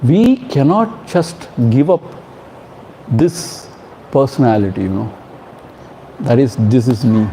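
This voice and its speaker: Gentle man teaching scripture. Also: mid-range voice, expressive, slight background noise, low-quality recording. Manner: chants Sanskrit verses slowly, then explains them gently. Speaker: spiritual teacher. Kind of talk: scripture commentary talk.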